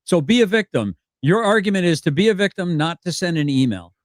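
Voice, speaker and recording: A man's voice: high voice, expressive, fairly quick, no room sound, studio quality. A man in a heated argument, exasperated and pressing his point.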